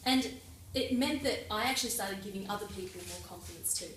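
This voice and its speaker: A young woman giving a prepared club speech with lively, personal, lightly humorous delivery. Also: mid-range voice, brisk, a little hiss or hum. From Australia. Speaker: club speaker. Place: meeting room. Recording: echoey room from far off.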